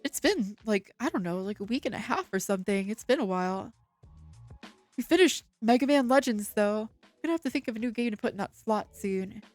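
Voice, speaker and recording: A woman's voice: mid-range voice, animated, brisk, a little mellow, faint music behind. A woman streaming a game, recapping the story in casual chat with loose swearing and quoted bits of dialogue. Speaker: VTuber streamer. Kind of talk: casual gameplay commentary.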